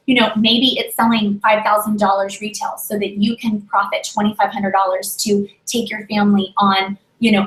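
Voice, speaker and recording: A woman coaching her sales team in a lively pep talk, repeating her key points and checking in with "okay?" after each one. Her voice sits at an ordinary middle pitch, and the room around her rings with echo. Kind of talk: motivational team training. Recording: echoey room.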